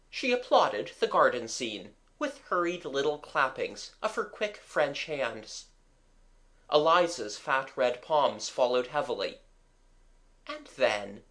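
Audiobook narrator, unhurried, lively pitch, expressive storytelling. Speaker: audiobook reader. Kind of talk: scripted narration.

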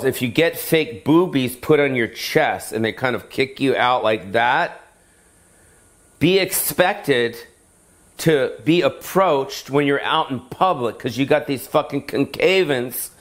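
A man doing a comedic, profane rant straight to his viewers, rambling from point to point with jokey asides. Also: mid-range voice. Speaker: comedian hosting a weekly rant show.

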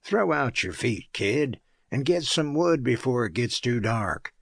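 A man voicing a gruff, slangy tramp. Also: medium pitch, big pitch swings, measured pace, dry recording, clean studio sound, heavily acted. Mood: bossy. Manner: rough, slangy, bossy. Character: gruff, bossy adult male tramp.

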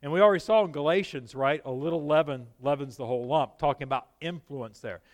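A man preaching a sermon in an animated, emphatic way, often putting questions to his listeners. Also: a little high, fast.

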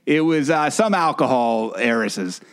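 A man's voice: medium pitch, lively intonation, measured pace, creaky. A man co-hosting a podcast, talking casually and animatedly, incredulous and swearing freely. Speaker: podcast co-host. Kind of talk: casual chat.

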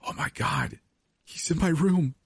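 A man's voice: lowish voice, very animated, measured pace, a little mellow, husky, no echo, clean studio sound, pitched above the performer's own voice, full character voice. A man voicing a terrified young woman in a horror story, speaking in a shaky, pleading voice raised well above his own.

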